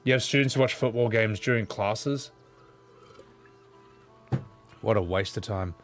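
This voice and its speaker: A man's voice: on the low side, brisk, faint music behind. A man streaming a video game, chatting casually and profanely with his viewers, often slipping into mock voices. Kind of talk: casual gaming commentary.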